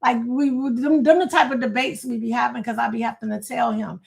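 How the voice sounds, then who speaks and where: A woman's voice: a little high, fairly even intonation, brisk, vocal fry. A middle-aged woman hosting a casual livestream, chatting, reading viewer comments aloud and laughing often. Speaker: livestream host.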